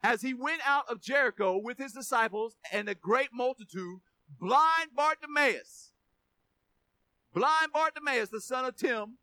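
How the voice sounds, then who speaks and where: High-voiced preacher, bright and dry. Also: male voice, normal speed, hardly any pauses, no echo. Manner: emphatic, repeats words, asks congregation for amens. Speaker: pastor. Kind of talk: sermon.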